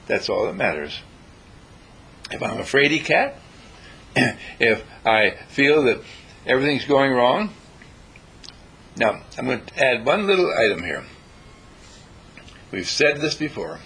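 A man giving a motivational talk, animated and acting out little dialogues in changing voices. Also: mid-range voice, husky, low-quality recording. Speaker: inspirational speaker.

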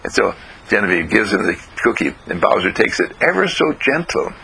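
A man telling a children's story on the radio in a gentle, slow, lively way, clearing his throat now and then. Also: fairly low pitch, rough recording.

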